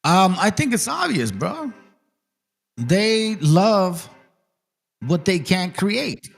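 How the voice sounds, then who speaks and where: A man's voice: sits high, drawn-out words, vocal fry. A man hosting a podcast in casual chat, talking bluntly and with plenty of swearing. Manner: blunt, profane, animated. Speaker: podcast host.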